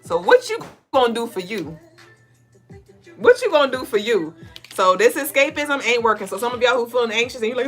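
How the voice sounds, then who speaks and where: A woman's voice: fairly high pitch, sing-song, brisk, faint music behind. A middle-aged woman, co-hosting a spiritual podcast and giving a blunt, profane pep talk during a tarot reading. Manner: profane, preachy, playful, acts out listeners in mock voices.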